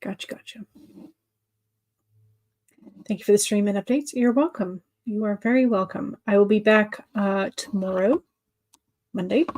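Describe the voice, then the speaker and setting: A woman's voice: medium pitch, normal speed, darkish tone. Chatty woman hosting a writing livestream. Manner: chatty, answers viewer comments, many fillers and restarts. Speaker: livestream host of writing sprints. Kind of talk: casual livestream chat.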